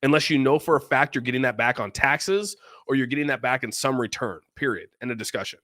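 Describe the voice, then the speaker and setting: A man's voice: mid-range voice, quick pace, sharp tone, no room sound, studio quality. A man in casual podcast chat, blunt and profane, rambling with lots of restarts.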